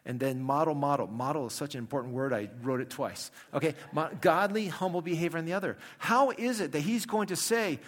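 A man teaching a Bible lesson from slides, reading scripture aloud with lively emphasis and adding wry asides. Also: a little high, a little fast. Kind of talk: classroom lecture with slides.

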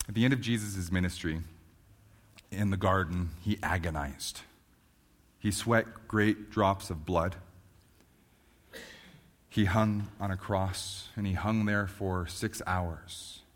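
A man preaching a sermon as a pastor, moving from quiet reflection to loud, fervent emphasis. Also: low-pitched, steady tone, slow pace, long pauses.

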